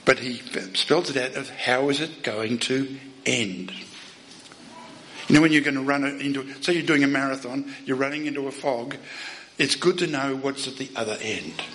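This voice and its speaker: A man preaching a sermon, emphatic, asking the listeners rhetorical questions and swinging between loud and soft. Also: medium pitch, slight background noise, rough recording.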